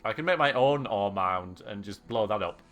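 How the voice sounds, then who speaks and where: A man with a lowish, slightly bright voice and lively intonation streams a video game at a moderate pace. He chats casually, jokes with his viewers and laughs often, with faint game music underneath.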